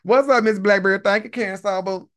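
A man hosting a livestream, chatting in an animated, profane way and laughing often. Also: sits high, brisk. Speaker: livestream host. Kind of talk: casual commentary chat.

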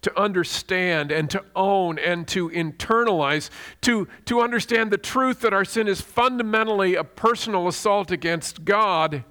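A man's voice: high-pitched, bright, forceful tone. Earnest man preaching a sermon. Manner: earnest, emphatic teaching with slow stressed repetitions.

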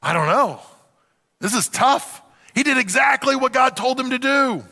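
A man's voice: extremely high pitch, moderate pace, vocal fry, sharp tone. A middle-aged man preaching a sermon in a church, candid and conversational, with frequent jokes. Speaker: pastor. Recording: long reverb in a church hall.

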